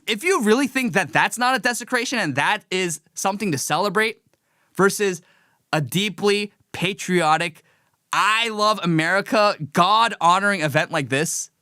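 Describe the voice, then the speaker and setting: Male live-stream host, fiery and preachy, high bright voice, dry close sound. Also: expressive, moderate pace, dry recording. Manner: heated, emphatic, preachy, mocking. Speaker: political commentary host. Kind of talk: opinionated live-stream commentary.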